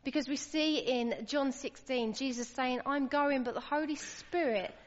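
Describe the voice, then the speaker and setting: Lady giving an earnest sermon, kinda high voice, muffled lo-fi sound with long church echo. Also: unhurried. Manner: earnest, emphatic, rising to exclaim. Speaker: preacher. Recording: lo-fi with long hall reverb.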